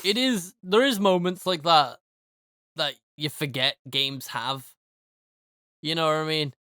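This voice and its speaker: A man co-hosting a casual podcast with a slightly high, easygoing voice. He is recorded dry and close. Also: a little slow, pushed and bright, clean tone, no room sound. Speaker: podcast co-host. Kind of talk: casual chat.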